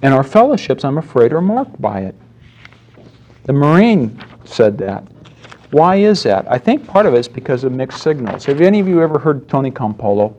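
Brief: male pastor, mid-pitched, chatty sermon delivery with story asides. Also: very animated, moderate pace, a little mellow, highs cut off, slight background noise. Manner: storytelling with acted-out quotes, conversational. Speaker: preacher.

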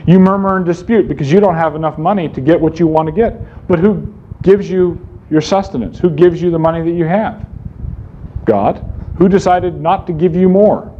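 A man's voice: a little high, moderate pace. A man preaching a sermon in an emphatic way, asking rhetorical questions and answering them himself. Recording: slightly dull recording with faint room noise.

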